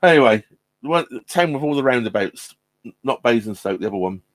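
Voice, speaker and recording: A man chats with viewers on a casual live stream from his narrowboat, his mid-range voice animated and fast. He rambles, full of ums and restarts, and laughs often as he talks. The recording is dry.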